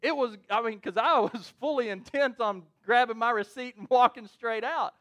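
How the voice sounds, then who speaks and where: A man's voice: very high-pitched, normal speed, a bit bright. A man preaching a sermon in a conversational, storytelling way, often checking in with "right?". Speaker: pastor.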